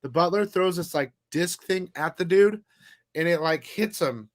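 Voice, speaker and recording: Male stream host, somewhat high voice, dry close sound, rambling salty chat. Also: measured pace, no echo. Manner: rambling, profane, loose storytelling. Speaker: comic haul show host. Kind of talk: casual live-stream chat.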